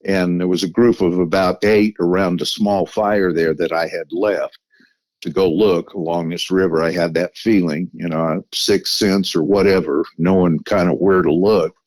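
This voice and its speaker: A man's voice: low-pitched, fairly even intonation, moderate pace, a little mellow, dry recording. A man telling a story as a podcast guest, with restarts and frequent "you know"s.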